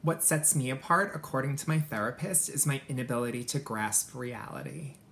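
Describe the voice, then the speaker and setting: A performer playing a deadpan, literal-minded contestant on a dating game show in a comedy sketch. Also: mid-range voice, brisk, creaky.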